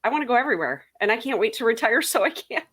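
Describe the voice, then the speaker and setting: A woman's voice: a little high, animated, very fast, fairly bright tone, husky. A woman chatting casually as a podcast panelist, rambling a bit and hesitating with fillers. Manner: rambling, hesitant, laughs often.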